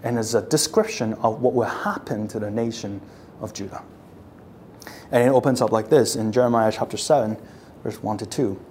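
A woman's voice: a bass voice, moderate pace, dark tone, a little hiss or hum. A woman preaching a sermon, telling the scene as a story and acting out how the crowd reacts, often repeating and restarting words as she builds. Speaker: pastor.

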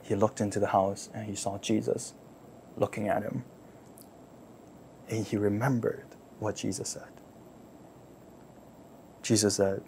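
A man preaching, retelling a story dramatically, repeating phrases and asking listeners to imagine the scene, swinging from loud outbursts to near-whispers. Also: on the low side, little pitch movement, unhurried, pauses often, a little hiss or hum. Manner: repeats words and phrases for emphasis; asks listeners to imagine, rhetorical questions. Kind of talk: sermon storytelling.

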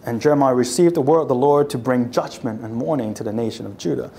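A woman's voice: a bass voice, quick pace, creaky, mellow, slight background noise. A woman preaching a sermon, telling the scene as a story and acting out how the crowd reacts, often repeating and restarting words as she builds. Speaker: pastor.

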